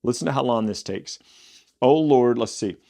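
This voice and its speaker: A man leads a relaxed Bible lesson. He reads the verses aloud, then breaks into casual, modern retellings of the story. His voice sits in a middle pitch. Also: fast talker, gravelly. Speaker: Bible teacher.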